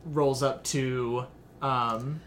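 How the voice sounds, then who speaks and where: A man in easy, casual conversation, retelling a film scene by scene with lively asides. His voice sits mid-range, with a faint hiss of background noise. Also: medium pitch. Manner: animated storyteller, recaps scenes with quick asides. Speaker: podcast co-host. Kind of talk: casual chat.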